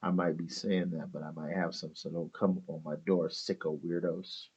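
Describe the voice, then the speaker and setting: A man's voice: deep voice, little pitch movement, normal speed, darkish tone, highs cut off. Rambling, profane male streamer. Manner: rambling, profane, argumentative storytelling. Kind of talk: casual stream chat.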